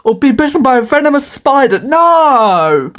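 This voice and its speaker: A woman's voice: high voice, sing-song, moderate pace, a bit bright. A woman chatting on her own through a quiz, playful and hesitant, with many fillers and frequent laughter. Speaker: video creator answering quiz questions. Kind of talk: casual solo commentary.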